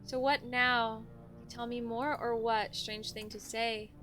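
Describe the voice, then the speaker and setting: A creepy visitor who speaks in flat, broken, clipped phrases, as a woman puts it on. The voice sits lower than her usual high tone and stays cold and menacing throughout. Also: slow pace, soft background music.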